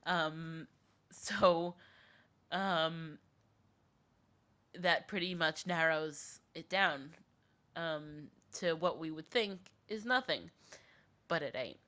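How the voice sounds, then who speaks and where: A woman's voice: low-pitched, extremely slow, long pauses, sharp tone. A woman hosting a podcast, with a cough, casually retelling a myth in a rambling, filler-heavy way. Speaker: podcast host.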